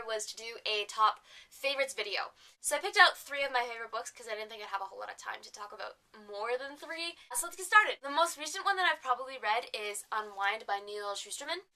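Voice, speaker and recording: A woman's voice: a little high, lively intonation, brisk, pushed and bright, rough recording. A young woman from Canada vlogging about books in a chatty, enthusiastic way with playful asides. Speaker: book vlogger. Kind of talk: casual vlog.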